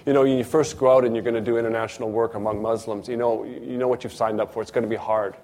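A man preaches a sermon in a mid-range, slightly mellow voice, talking fast with a level tone. He weaves a personal story into his message and animatedly acts out the dialogue's voices.

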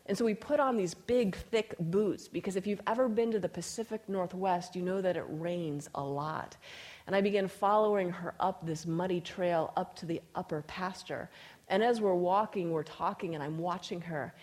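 A woman's voice: lowish voice, moderate pace, a little mellow. A woman preaching a sermon, telling a personal story and reading scripture aloud with emphasis. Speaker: speaker.

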